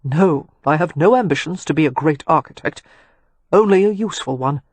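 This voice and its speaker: A woman narrator voicing a confident, wry young gentleman architect who teases and reflects. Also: a little high, expressive, brisk, breathy edge, dry recording.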